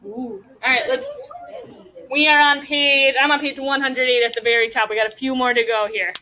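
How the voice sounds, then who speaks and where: A woman's voice: sits high, fairly even intonation, pushed and bright, rough recording. A woman teacher reading a novel aloud to her class and stopping to ask the students questions. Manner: pauses to question students about the story.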